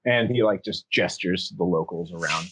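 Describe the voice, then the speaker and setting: A man narrating a tabletop game as dungeon master, setting scenes in a relaxed, rambling way. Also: low voice, moderate pace, slight background noise, poor audio.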